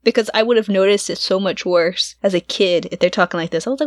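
A woman co-hosting a casual podcast, chatty and quick to laugh, filling her talk with "like" and "um". Her voice sits at an ordinary pitch and is recorded dry and close, with no room sound. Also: dry recording. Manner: chatty, laughs often, lots of fillers. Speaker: podcast co-host. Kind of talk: casual chat.

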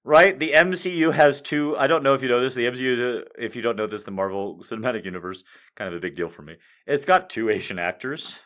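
This is a comedic video host, a man with a medium-pitched, slightly bright voice who talks fast. He rambles and swears heavily through a comic rant, then reads fanfic out loud.

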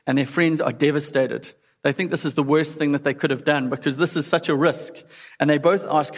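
Gravelly man preaching in a hall. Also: on the high side, steady tone, brisk. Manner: earnest, asks listeners direct questions. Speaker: pastor. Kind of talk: sermon. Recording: long hall reverb.

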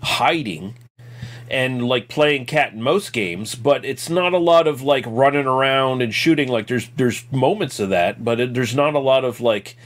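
A man with a mid-range voice, unhurried, co-hosts a podcast and chats casually about a movie. He's laid-back and agreeable, using lots of fillers.

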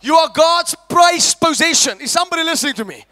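A man preaching a sermon, shouting and calling out to the congregation. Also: very high-pitched, expressive, brisk, no echo. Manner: shouting, call-and-response preaching.

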